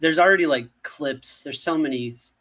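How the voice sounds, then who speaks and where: A man with a slightly husky, somewhat high voice chats excitedly about a film on a podcast. He swears freely and laughs as he acts out lines from scenes. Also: normal speed. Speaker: podcast co-host. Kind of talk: casual chat.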